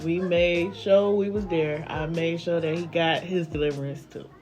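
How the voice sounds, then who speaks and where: A woman casually recounting her deliverance testimony, lively and emphatic. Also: lowish voice, moderate pace, faint music behind. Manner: lively, emphatic, breaks into excited exclamations. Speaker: wife sharing a testimony.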